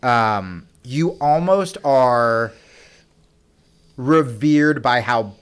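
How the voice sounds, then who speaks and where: A young man at a mid-range pitch spins long, profane anecdotes as a podcast guest. He rambles through fillers and restarts in a relaxed, chatty way. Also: extremely slow, clear, resonant tone. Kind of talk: casual storytelling chat.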